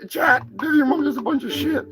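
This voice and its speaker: A man's voice: very high voice, lively intonation, fast, a crowd in the background, voice pushed up. A man voicing Turkey Surprise, a foul-mouthed, bickering male turkey puppet who swears and hurls insults. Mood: furious.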